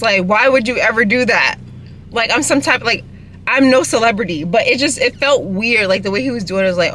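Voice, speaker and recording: A woman's voice: fairly high pitch, moderate pace, fairly bright tone, slight background noise. A young woman, chatting casually in a car while eating, rambling and talking with her mouth full. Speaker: vlogger. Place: inside a parked car.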